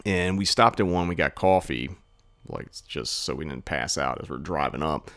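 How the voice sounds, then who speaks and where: A man's voice: rumbling low, moderate pace, dry recording. A man co-hosting a podcast, telling a rambling story in casual chat and swearing often. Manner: rambling storyteller, swears a lot, animated when mimicking people. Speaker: podcast co-host.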